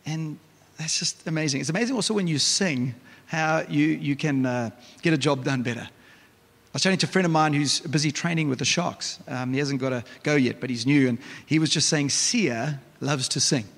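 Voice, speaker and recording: A male pastor, preaching a lively, conversational sermon with frequent restarts. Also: on the high side, a little fast, vocal fry. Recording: reverberant church hall.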